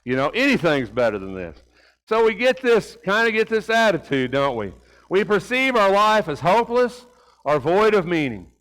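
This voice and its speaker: Folksy high-voiced male preacher. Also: sing-song, moderate pace, a bit bright, low-quality recording. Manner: folksy, rhetorical questions, repeats words while talking. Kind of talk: conversational sermon with personal story. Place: church sanctuary.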